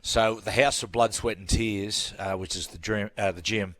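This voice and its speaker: Radio guest: man, low voice, rambling anecdotal storyteller, dry sound. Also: fairly even intonation, normal speed, fairly bright tone, no echo. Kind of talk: casual radio chat.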